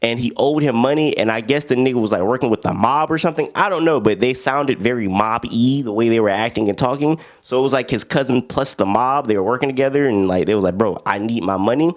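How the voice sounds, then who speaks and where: A man's voice: mid-range voice, fast, few pauses. A young man giving a casual, slangy film review. He is sleepy and a little sick, and he acts out the characters he quotes.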